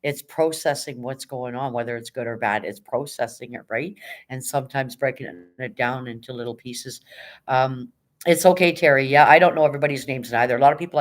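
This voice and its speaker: A woman hosting a casual livestream, reading chat and cheering viewers on in a hyped, rapid auctioneer-like patter, swearing now and then. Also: very deep voice. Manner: chatty, encouraging, swears casually. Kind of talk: casual live-stream chat.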